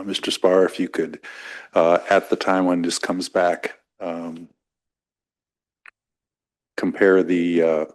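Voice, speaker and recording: A man on a council raising a policy concern carefully, with stammering restarts. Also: sits low. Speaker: council member. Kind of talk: meeting discussion.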